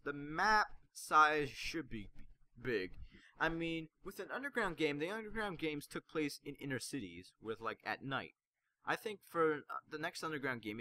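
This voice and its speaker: A man's voice: medium pitch, sharp tone, no echo. A man making a casual gaming video, rambling through his suggestions with many fillers and sometimes losing his train of thought.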